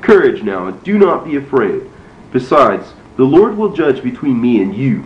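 A man voicing a gentle, merciful noblewoman as he reads a storybook aloud, in an earnest, pleading way. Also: medium pitch, very animated, normal speed, close to an everyday voice. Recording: roomy, dull, faintly noisy.

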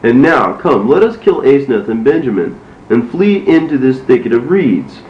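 A man's voice: medium pitch, sing-song, normal speed, close to an everyday voice. A man voicing a band of frightened brothers who plead for mercy, reading a storybook in a fearful, begging way. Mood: panicked. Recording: roomy, dull, faintly noisy.

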